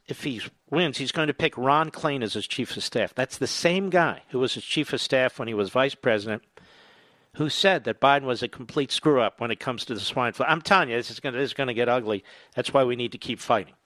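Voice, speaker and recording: A man's voice: mid-range voice, fairly bright tone, no room sound. Guy ranting on talk radio, sarcastic and combative, dry close sound. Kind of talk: political talk radio monologue.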